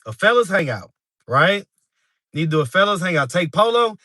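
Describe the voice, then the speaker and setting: Laid-back chatty male streamer, bright voice. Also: high voice, very animated, a little fast, no echo, studio quality. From New York. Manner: laid-back, laughs often, talks straight to the chat. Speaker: street interview channel host. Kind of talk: casual livestream chat with viewers.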